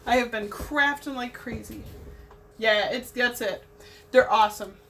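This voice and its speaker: A woman's voice: on the high side, unhurried, fairly bright tone, slight background noise. A young adult woman hosting a craft livestream, chatting in a bubbly way with viewers as she paints. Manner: bubbly, chatty, talks to viewers while working. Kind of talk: casual chat while painting.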